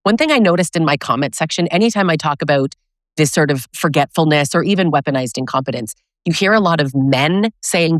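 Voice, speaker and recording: A woman's voice: sits low, expressive, a little fast, dry recording, studio quality. A woman podcast host speaking emphatically from personal experience in a casual interview.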